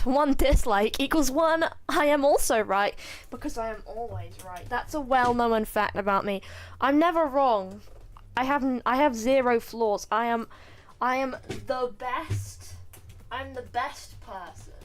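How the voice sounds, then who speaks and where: A woman's voice: fairly high pitch, measured pace. A woman casually commenting over gameplay, rambling and joking with mock boasts and internet slang aimed at her chat. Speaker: gaming video host.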